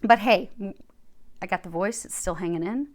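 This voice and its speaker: A woman's voice: mid-range voice, moderate pace. A woman giving a chatty tarot reading, sounding congested from a cold and talking to viewers as she lays out cards. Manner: chatty, reassuring, talks while laying out cards. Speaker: tarot card reader. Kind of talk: casual spoken tarot reading.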